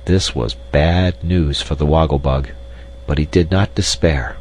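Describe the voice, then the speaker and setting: A man reading a storybook aloud in a measured, even way. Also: extremely low pitch, rough recording. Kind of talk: audiobook narration.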